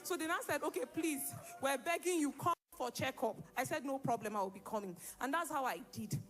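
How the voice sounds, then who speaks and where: Woman giving a lively testimony. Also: sits high, a little fast, soft background music. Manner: lively storytelling, acts out quoted dialogue. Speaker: church member giving testimony. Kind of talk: spoken testimony.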